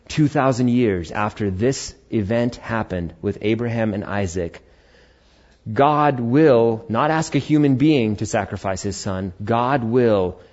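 A male pastor preaching a sermon to his church, animated, rising to loud emphasis and dropping to quiet intensity. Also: medium pitch, highs cut off. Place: church hall.

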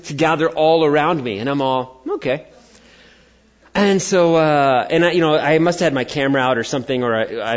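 An American man preaching a sermon, telling a personal story and acting out the voices he quotes. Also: on the high side. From United States. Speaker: pastor. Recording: dull lo-fi sound.

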